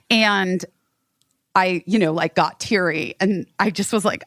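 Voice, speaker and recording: Brief: woman host, lowish voice, dry close sound, rambling casual talk full of "like" and curse words. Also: measured pace, fairly bright tone, dry recording. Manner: rambling, swears freely, many fillers. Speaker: podcast host. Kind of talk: casual chat.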